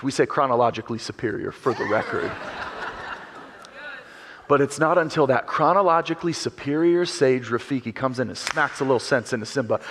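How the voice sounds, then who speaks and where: A man's voice: medium pitch, fairly bright tone, in a large hall. A man preaching a sermon as a pastor, emphatic and joking as he tells a story, in a church.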